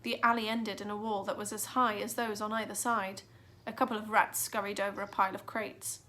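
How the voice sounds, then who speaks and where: A woman's voice: mid-range voice, little pitch movement, fairly quick, sharp tone, a little hiss or hum. A woman reading a children's adventure book aloud with dramatic expression. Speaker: narrator. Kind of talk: storybook reading.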